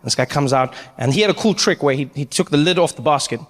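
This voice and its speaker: A man telling a story in a stand-up comedy set, animated and acting out each character. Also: on the high side, fast talker, big-room sound. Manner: animated, acts out every character.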